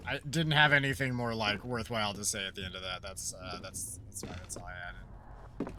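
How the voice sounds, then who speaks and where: A man casually commenting while playing a horror game, rambling and joking as he thinks out loud. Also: lowish voice, fairly even intonation, brisk, noisy background. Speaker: let's play streamer.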